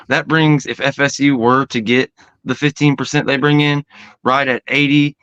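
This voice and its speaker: A man's voice: medium pitch, flat delivery, moderate pace, a bit bright, clear, resonant tone, no room sound, muffled recording. A man co-hosting a sports podcast, arguing heatedly and swearing in casual chat. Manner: heated, profane argument. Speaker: podcast co-host.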